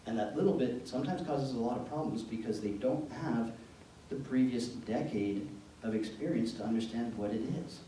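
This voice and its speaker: A man giving an educational talk to parents, telling anecdotes in an animated, joking way. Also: mid-range voice, normal speed. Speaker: presenter speaking to parents. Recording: echoey room from far off, faint background noise.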